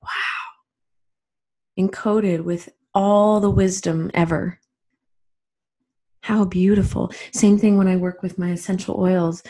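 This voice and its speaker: Mellow low-voiced woman, gentle spiritual talk. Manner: gentle, unhurried, drawn-out phrasing. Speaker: spiritual teacher.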